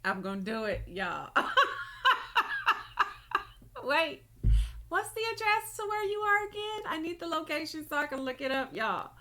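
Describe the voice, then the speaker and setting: Woman w/ reacting to a vid, high bright voice, laughs, keeps saying y'all. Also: slow, long pauses. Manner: laughing, talks to viewers as "y'all". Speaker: reaction video host. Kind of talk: reacting to a video.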